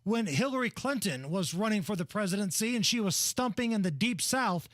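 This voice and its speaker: Brash, animated talk radio host. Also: male voice, high-pitched, a little fast, dry recording, studio quality. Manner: brash, mocking, blunt. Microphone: studio microphone.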